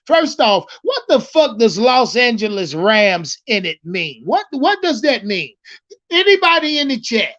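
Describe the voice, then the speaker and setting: A livestream sports commentator with a very high, slightly bright voice and big pitch swings talks a little slowly about football with his viewers. He's profane and rambling, repeats himself, and calls out the chat, all on a muffled recording.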